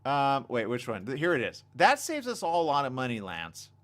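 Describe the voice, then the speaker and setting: A man hosting a casual live stream on a desk mic, reading viewer comments and chatting excitably. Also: medium pitch, a little fast. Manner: animated, excitable, reads viewer comments aloud. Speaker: livestream host. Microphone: desk condenser mic.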